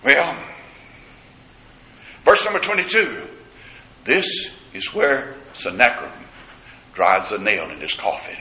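A man's voice: mid-range voice, huge pitch swings, slow pace, long pauses, bright, forceful tone. A man preaching a sermon, dramatically acting out the scripture quotes. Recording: echoey church room.

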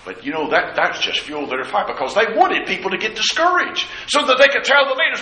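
A man's voice: high voice, very animated, fast talker, few pauses, pushed and bright. A man preaching a sermon, dramatically acting out the scripture quotes. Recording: echoey church room.

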